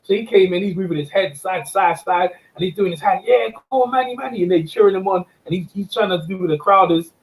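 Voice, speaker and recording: High-voiced man, animated storyteller. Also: fast, hardly any pauses, rough recording. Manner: animated storytelling, laughs often, repeats words. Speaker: host and amateur boxing judge. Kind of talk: casual chat.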